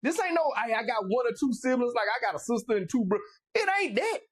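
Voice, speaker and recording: A man from Louisiana hosting a talk show, animated and emphatic in casual chat. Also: very high-pitched, husky. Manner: animated, emphatic, quick interjections.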